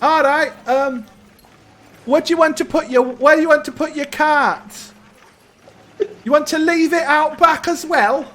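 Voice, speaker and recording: A man's voice: very high-pitched, unhurried, long pauses, a bit bright, voice pushed up. A man voicing an eager young stable boy who chats hesitantly about customs and tips. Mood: eager helpful. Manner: chatty, hesitant, fussing over customs.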